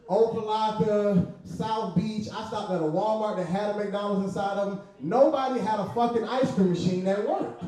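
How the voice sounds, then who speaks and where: A man doing a stand-up set on a club stage, brash and profane, jumping into loud voices for his stories. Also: recorded from a distance. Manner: brash, profane, acts out voices with big pitch jumps. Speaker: stand-up comedian. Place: comedy venue stage. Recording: roomy echo, mic from afar.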